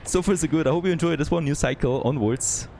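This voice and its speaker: A man who is not a native English speaker, thinking aloud and getting excited as he comments on a city-building game. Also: fairly high pitch, fast talker, vocal fry, slight background noise. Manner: thinking aloud, easily excited, frequent "there you go". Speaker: gameplay commentator. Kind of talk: let's play commentary.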